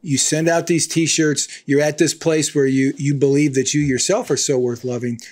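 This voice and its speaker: A man's voice: a little high, level tone, normal speed, a little mellow. A man hosting an interview, thoughtfully summarizing the guest's story before asking his question. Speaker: podcast host.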